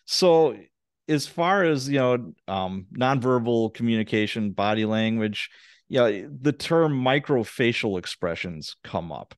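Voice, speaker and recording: A man's voice: medium pitch, lively intonation, measured pace, smooth, no room sound. Man, podcast host, rambling anecdotes, casual chat, dry close sound.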